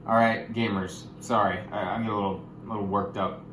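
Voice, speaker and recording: A young man explaining money topics in a casual vlog, goofy and jokey, with sudden loud, excited bursts. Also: on the low side, a little fast, echoey room, a little hiss or hum, rough recording. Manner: goofy, hyper bursts, calls viewers gamers. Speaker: YouTuber.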